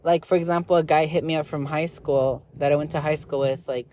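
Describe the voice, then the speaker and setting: A woman's voice: deep voice, steady tone, a little fast, dark tone, slight background noise. A young woman talking candidly in a personal vlog, rambling and blunt, with lots of filler words and an emotional, confessional manner. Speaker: vlogger.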